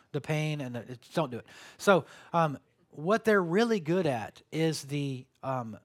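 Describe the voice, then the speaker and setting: A male pastor giving a sermon, telling stories with sudden loud bursts and quiet drops. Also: a little high.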